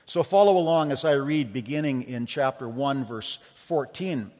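A man's voice: medium pitch, moderate pace, a little mellow. Earnest male pastor in a reverberant church. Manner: conversational storytelling, earnest with light humor. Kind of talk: sermon. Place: church sanctuary.

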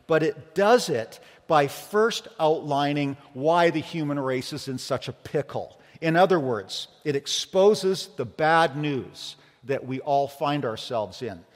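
A man preaching a sermon as pastor, telling stories conversationally, earnest with light humor. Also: a little high. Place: church sanctuary. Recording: long church reverb.

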